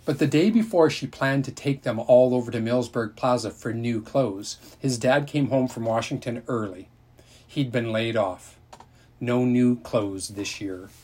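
A man reading a children's novel aloud in a steady, unhurried storytelling manner, with a husky voice. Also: medium pitch. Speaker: narrator.

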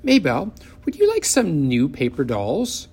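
A man voicing a confident, friendly young schoolgirl who talks in a coaxing, lively way in a storybook reading. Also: a little high, unhurried, breathy edge, pitched above the performer's own voice, heavily acted.

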